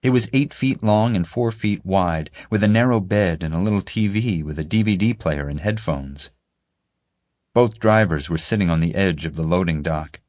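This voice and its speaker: A male audiobook narrator reads with a steady storytelling manner and a very deep voice. The recording is dry and close, with no room sound. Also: normal speed, no echo. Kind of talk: scripted narration.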